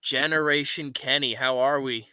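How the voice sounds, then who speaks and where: A man's voice: medium pitch, normal speed, clean tone, dry recording. A man hosting a casual, profane late-night stream and talking to his chat. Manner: lively, profane, talks to chat.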